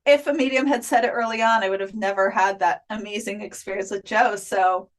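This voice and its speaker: A woman's voice: mid-range voice, a little fast. Woman guest on a podcast, rambling casual storytelling, lots of "like". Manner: chatty, frequent filler "like", animated retelling. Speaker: guest, afterlife researcher.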